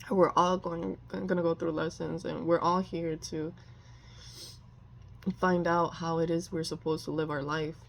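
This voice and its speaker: A woman's voice: low voice, level tone, a little slow, gravelly, a little hiss or hum. A woman giving a casual tarot reading, rambling with many fillers and restarts and often apologizing. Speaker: tarot reader.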